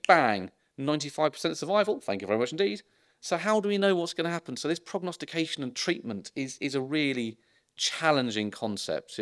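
A middle-aged male doctor giving a public talk, telling anecdotes in a chatty way with ironic asides and frequent ums. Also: mid-range voice. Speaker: consultant geriatrician giving a public lecture. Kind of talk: informal public lecture.

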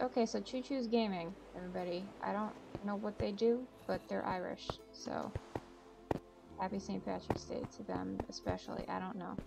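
A woman's voice: mid-range voice, vocal fry. A woman hosting a gaming channel, chatting casually and thinking aloud as she plays, poking fun at her own guesses. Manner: chatty, self-mocking, thinks aloud while playing. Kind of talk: casual gameplay commentary. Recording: game music behind voice.

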